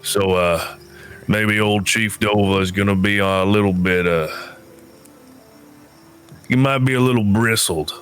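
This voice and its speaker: A man's voice: on the low side, a little slow, long pauses, a bit bright, clean tone, faint music behind. A man playing a tabletop game, casually narrating his character's actions and joking between lines. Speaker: player. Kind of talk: tabletop role-play with narration.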